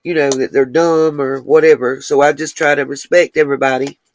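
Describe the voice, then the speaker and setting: A woman's voice: rumbling low, fairly even intonation, a little mellow, slight background noise. A woman hosting a casual livestream, chatting with her viewers and answering their comments as they come in. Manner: chatty, talks straight to viewers, drawn-out asides. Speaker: livestream host.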